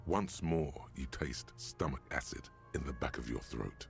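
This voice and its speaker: An actor voicing a grim, omniscient male video game narrator, deliberate and vivid in second-person narration. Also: a bass voice, creaky, music in the background, heavily acted.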